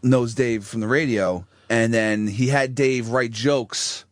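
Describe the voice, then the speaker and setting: A man's voice: medium pitch, slow, no echo, studio quality. A man co-hosting a talk radio show, telling crude stories and laughing. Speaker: radio co-host. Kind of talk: casual talk radio banter. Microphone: studio microphone.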